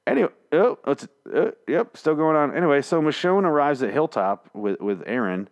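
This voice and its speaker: A man's voice: a little high, expressive, normal speed. A man hosting a solo podcast from a small studio, rambling through a casual recap with lots of swearing and jokes. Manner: rambling, profane, jokey. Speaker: podcast host. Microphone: headphones on, studio mic.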